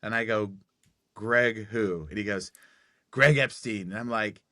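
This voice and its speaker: Podcast guest, man in his forties, lively storyteller who acts out every line of dialogue, bright edge to the voice. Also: fairly low pitch, measured pace, no room sound, clean studio sound. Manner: animated storyteller acting out quoted dialogue.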